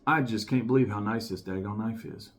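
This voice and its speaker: A man's voice: fairly low pitch, brisk, a little hiss or hum. A man giving a casual knife review to camera, talking emphatically and enthusiastically and repeating his points.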